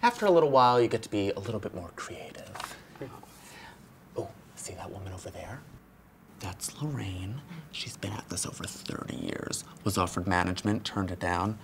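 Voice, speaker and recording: A woman's voice: very deep voice, fairly quick, creaky, slight background noise. A woman playing a veteran telemarketer who gossips in whispered asides, in a comedy audio drama. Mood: gossipy. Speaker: veteran telemarketer mentoring a new hire.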